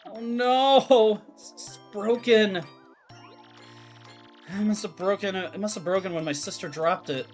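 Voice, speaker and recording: A man's voice: high-pitched, a little slow, soft background music, pitched above the performer's own voice. A man voicing a timid young female shadow girl from a game, anxious and self-pitying. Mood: worried.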